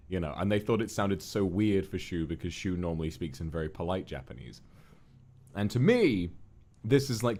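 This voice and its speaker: A man chatting casually on a livestream, rambling and restarting his sentences with repeated words, in a reflective, amused way. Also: deep voice. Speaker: streamer.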